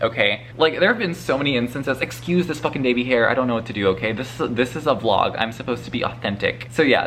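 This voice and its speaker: A man's voice: medium pitch, bright, forceful tone, a little hiss or hum. A man chatting casually in a vlog about a book he is reading, swearing freely and laughing often. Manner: profane, gushing and laughing often. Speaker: book vlogger. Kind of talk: casual spoiler vlog talk.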